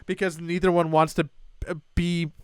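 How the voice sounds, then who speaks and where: A young man co-hosting a podcast, telling a story in a casual, animated way and acting out his family members' lines. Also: on the high side, moderate pace, smooth, no echo, clean studio sound. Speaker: podcast co-host.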